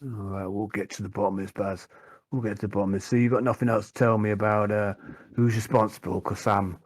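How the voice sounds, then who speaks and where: A man's voice: on the low side, steady tone, fast, no echo. A man playing his character in a tabletop game, chummy and swearing. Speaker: player.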